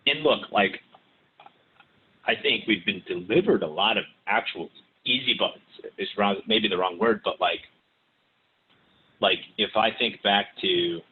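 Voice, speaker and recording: A man's voice: on the low side, measured pace, pauses often. A man talking as a podcast guest in loose, rambling casual chat, with many restarts. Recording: tinny remote line with hiss.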